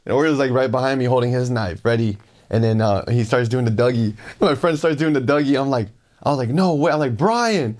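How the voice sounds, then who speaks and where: A young man with a mid-range voice tells a road story in an animated way, acting out each quote and saying "like" a lot. He speaks into a lapel mic in a small, echoey room. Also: mid-range voice, fast talker. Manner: animated, acts out quotes, many "like"s. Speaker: guest, long-distance skateboarder. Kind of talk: casual storytelling.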